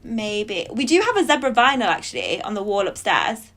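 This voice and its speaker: A woman's voice: medium pitch, big pitch swings, moderate pace, fairly bright tone. A young woman, chatting as a podcast guest, laughing often and acting out other people's lines. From England. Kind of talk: casual chat.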